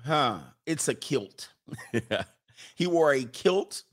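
This man hosts a live stream, slowly reading viewer chats in a slightly high voice with lively intonation. He comments casually, cracking jokes, rambling, and talking back to himself.

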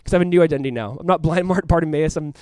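A male pastor preaching a sermon and closing in prayer, swinging between loud urgent calls and hushed quiet passages. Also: fairly high pitch, rapid-fire, smooth, dry recording. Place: church room with congregation.

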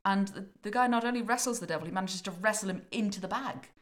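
A woman telling a folktale in a lively, jokey way during a casual chat. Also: mid-range voice, fast talker. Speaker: podcast co-host telling a folktale.

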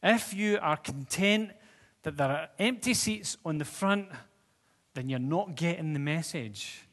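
A man's voice: on the high side, lively intonation, unhurried, a bit bright. Preacher man in an echoing church hall. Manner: conversational, asks the congregation questions. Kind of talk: sermon. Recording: long reverb of a church hall.

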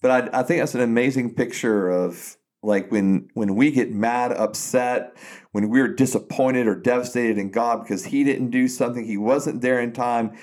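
A man's voice: mid-range voice, normal speed, darkish tone. A man co-hosting a podcast, chatting casually about faith and retelling a story with frequent restarts. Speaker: podcast co-host.

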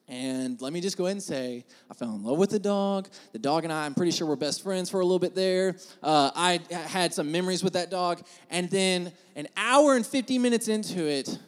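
Brief: male pastor, high voice, casual and joking, tells stories from the pulpit, long church reverb. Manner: casual, joking, animated storytelling. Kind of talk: storytelling sermon. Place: church sanctuary.

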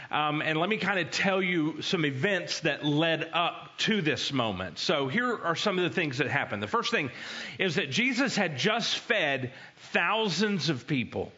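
A man preaching a conversational sermon as an animated storyteller. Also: fairly high pitch, lo-fi sound. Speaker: pastor.

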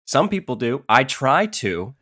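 A man hosting a casual podcast, explaining eagerly as game master in quick bursts. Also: mid-range voice, very animated, fairly bright tone, slightly rough, no echo, studio quality.

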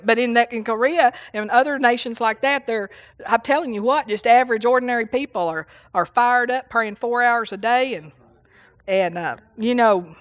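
Woman preacher, fairly high voice, rambling folksy sermon with lots of hallelujahs. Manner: rambling, folksy, laughs often, many hallelujahs. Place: church service.

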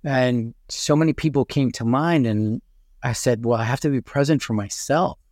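A man's voice: medium pitch, normal speed, a little mellow, dry recording, clean studio sound. A man being interviewed, earnestly recounting a personal experience with many restarts and fillers. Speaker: podcast guest. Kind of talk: conversational storytelling.

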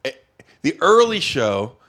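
Male comedian guest, blunt and offhand, slightly higher voice, casual. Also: sing-song, measured pace, a bit bright. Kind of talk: casual podcast storytelling.

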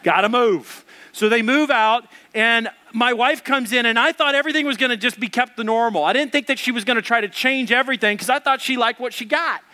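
A pastor preaching with a high, bright, ringing voice. He tells a comic story with lively energy and acts out every quote as he goes. He is a man in his thirties or forties, speaking as a storytelling preacher before his congregation. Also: fast, few pauses. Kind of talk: storytelling sermon.

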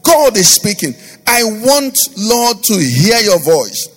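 A man's voice: high-pitched, sing-song, takes it slowly, a bit bright, long reverb tail, faint music behind. A male pastor preaching and leading prayer, with rhythmic repetition and rising fervent declarations. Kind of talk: sermon with prayer over music.

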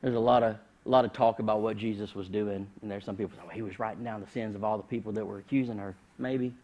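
A man, preaching a sermon in a conversational, humorous storytelling way with sudden loud bursts. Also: fairly low pitch, steady tone, quick pace, lo-fi sound. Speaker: pastor.

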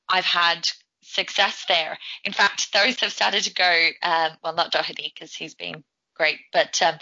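A woman's voice: fairly low pitch, bright, forceful tone, no echo, highs cut off. A woman guest on a casual podcast, chatting with frequent laughs and stop-start restarts.

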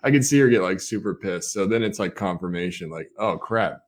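A man co-hosting a podcast, telling a childhood story in a relaxed way with laughs. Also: low-pitched, fast. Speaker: podcast co-host. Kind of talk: casual chat.

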